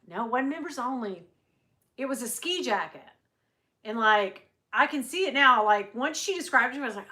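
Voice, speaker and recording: A woman's voice: a little high, lively intonation, normal speed, pushed and bright. A middle-aged woman hosting a casual livestream, chatting and rambling with her viewers and laughing often. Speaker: livestream host. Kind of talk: casual chat with live viewers.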